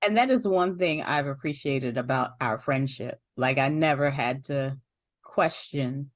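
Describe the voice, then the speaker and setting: Low-voiced woman host, slow and laughing. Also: no echo, clean studio sound. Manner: warm, laughs often, emotional. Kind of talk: casual conversation.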